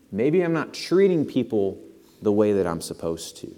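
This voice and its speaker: A man delivering a sermon in a church sanctuary, his lowish voice carrying with a long, lingering reverb. He speaks earnestly and pushes into animated emphasis on his key points. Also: normal speed. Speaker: pastor.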